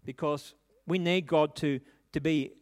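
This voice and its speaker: A man's voice: a little high, fairly even intonation, unhurried. A middle-aged man preaching a sermon, telling a personal story in an earnest, conversational way with frequent restarts and tag questions.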